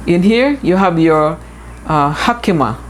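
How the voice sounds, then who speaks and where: A woman's voice: lowish voice, expressive, measured pace, slight background noise. A woman instructor giving a recorded lecture, explaining step by step, repeating points with frequent fillers.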